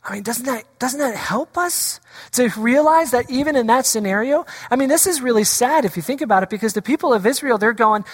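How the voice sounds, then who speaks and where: A pastor delivers a sermon in a church sanctuary, putting question after question to the congregation. The voice sits in a middle pitch range. A long reverb from the hall trails each phrase. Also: animated, fairly quick, husky. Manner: asks the congregation rhetorical questions; acts out quoted voices of scripture.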